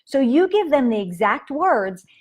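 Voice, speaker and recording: Woman, parenting coach, casual live-stream delivery, slightly high voice, chatty with fillers. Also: big pitch swings, unhurried, darkish tone, breathy edge. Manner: chatty, with fillers and acted quotes of kids.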